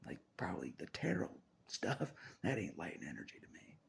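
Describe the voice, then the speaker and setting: In a rambling spiritual monologue, a man with a deep, creaky voice talks alone about faith, his pitch swooping wildly and his pace fairly quick. He half-whispers and laughs often, restless and searching, over a little hiss or hum.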